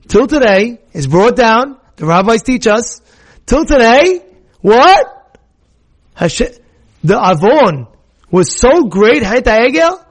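A middle-aged man preaching with a bright, high voice. He swings from low, hushed storytelling to loud, excited bursts and mixes Hebrew terms into his sermon. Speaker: rabbi giving a weekly Torah talk. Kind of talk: animated sermon.

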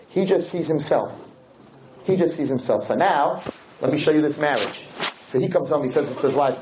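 A male Torah lecturer speaks to a room in an animated, rhetorical way, his pitch rising and falling widely as he slips into playful asides. The recording is dull and lo-fi, with a faint hiss underneath. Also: a little fast. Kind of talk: lecture to a live audience.

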